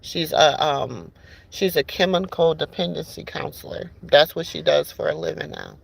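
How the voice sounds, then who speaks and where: Gravelly-voiced woman telling stories casually. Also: low voice, moderate pace. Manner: chatty, addresses listeners as "y'all" and "baby", many restarts. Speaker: podcast host. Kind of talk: casual storytelling chat.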